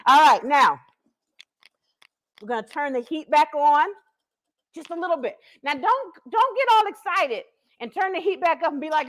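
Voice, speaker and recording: A cooking show host streams live from her home kitchen on a camera she set up herself, chatting and laughing directly with viewers. Her high, sing-song, fairly bright voice moves at a measured pace with frequent pauses.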